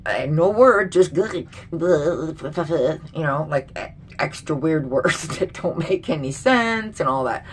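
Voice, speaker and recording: A woman's voice: sits low, lively intonation, takes it slowly, few pauses, a little hiss or hum. A middle-aged woman vlogger ranting bluntly and with lots of swearing in a casual commentary. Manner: blunt, profane, indignant.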